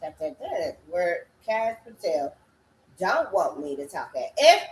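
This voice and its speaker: A woman talking in a rambling solo monologue, breaking into sing-song chants and sudden loud cursing outbursts. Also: fairly low pitch, big pitch swings, a little slow, echoey room.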